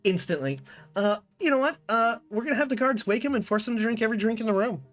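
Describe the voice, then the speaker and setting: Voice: medium pitch, animated, quick pace, a bit bright, faint music behind. A game streamer chatting casually and animatedly on a live stream, laughing often and restarting sentences. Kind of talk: casual live-stream chat while playing.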